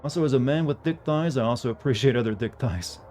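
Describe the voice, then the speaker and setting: A man streaming a video game, chatting casually in a dry monotone. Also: medium pitch, fast talker, faint music behind.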